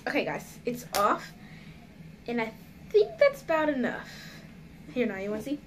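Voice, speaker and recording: A woman's voice: fairly high pitch, huge pitch swings, moderate pace, slight background noise. A woman chatting casually in a home vlog, giggly and nervous, talking straight to her viewers. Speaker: vlogger. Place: at home indoors.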